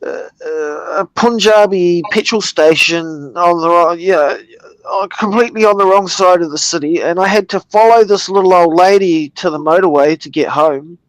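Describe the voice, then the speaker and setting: A man's voice: high voice, normal speed, dry recording, rough recording. A man in his forties with a New Zealand accent, telling a rambling, profane story in casual chat. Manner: rambling storyteller, swears freely.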